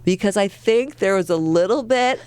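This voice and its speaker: A middle-aged woman spins family stories with giggly, animated energy. Her voice leaps up and down constantly. The sound is dry and close. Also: medium pitch, normal speed, smooth, no echo. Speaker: podcast co-host. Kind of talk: casual family chat.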